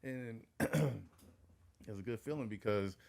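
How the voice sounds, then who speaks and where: A middle-aged man, a dog breeder, chatting casually as a podcast guest and telling lively stories, often saying "you know what I'm saying". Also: on the low side, unhurried.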